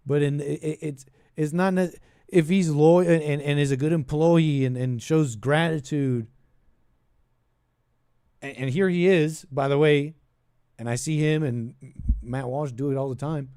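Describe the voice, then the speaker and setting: A man's voice: fairly high pitch, fairly even intonation, unhurried, mellow, smooth, no echo, clean studio sound. A man hosting a call-in show, giving casual political commentary in a rambling way, restarting his sentences and trailing off into asides.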